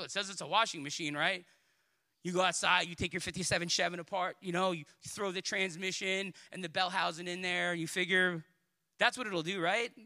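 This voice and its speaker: A man, a pastor, preaching a sermon in a blunt, sarcastic and animated way. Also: high-pitched.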